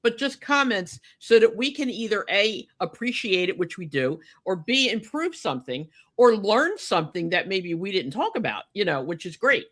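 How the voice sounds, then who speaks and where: A woman's voice: medium pitch, big pitch swings, moderate pace, hardly any pauses, fairly bright tone. A woman co-hosting a podcast, chatting casually and getting indignant about a wrestling match, with lots of fillers and restarts. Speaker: podcast co-host.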